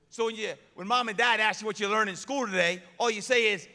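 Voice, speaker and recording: A man giving an energetic motivational chapel talk, leading call-and-response with a crowd in a school hall. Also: high voice, quick pace, few pauses. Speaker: chapel guest speaker. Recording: echoey hall reverb.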